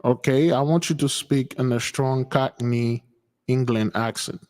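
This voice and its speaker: A man's voice: medium pitch, unhurried, darkish tone. A man hosting a spiritual channel, talking casually and rambling with frequent questions to his audience. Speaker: spiritual teacher and channel host. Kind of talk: casual livestream talk. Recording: long reverb.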